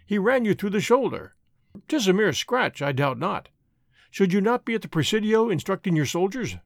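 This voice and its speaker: A man's voice: high-pitched, sing-song, normal speed, vocal fry, no room sound, studio quality, full character voice. A man reading aloud as a languid, mocking young Spanish nobleman, in an old adventure storybook, with a drawling, idle delivery.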